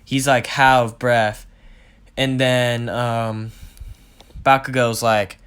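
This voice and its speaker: A man's voice: medium pitch, little pitch movement, takes it slowly, long pauses, fairly bright tone, clear, resonant tone. A young man casually retelling a fan story, rambling with lots of "like" and "basically". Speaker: channel storyteller.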